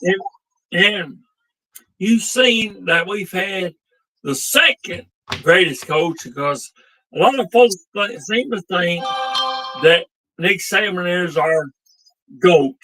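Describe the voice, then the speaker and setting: A man's voice: sits high, slow pace, long pauses, pushed and bright, slight background noise, low-quality recording. A man co-hosting a casual sports talk show while drinking, profane and rambling.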